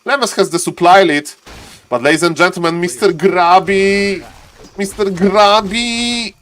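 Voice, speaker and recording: A man giving live esports commentary as a streaming caster. He moves from calm chatter straight to viewers into bursts of repeated, high-pitched shouting when the action heats up. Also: measured pace, a little hiss or hum.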